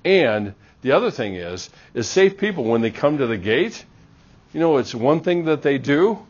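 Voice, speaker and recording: A man's voice: mid-range voice, normal speed, slightly rough, lo-fi sound. A middle-aged man giving a classroom lecture, acting out short exchanges as he teaches. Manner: animated, acts out little dialogues. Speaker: university lecturer.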